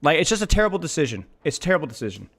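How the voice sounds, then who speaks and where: A man's voice: fairly high pitch, sing-song, racing, fairly bright tone. A man streamer giving emphatic gaming commentary, repeating his points.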